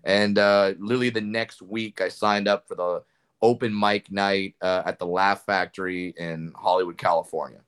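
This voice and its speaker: A man's voice: deep voice, steady tone, moderate pace, fairly bright tone, smooth. A man, a comedian guest, telling candid stories in a casual interview with frequent restarts.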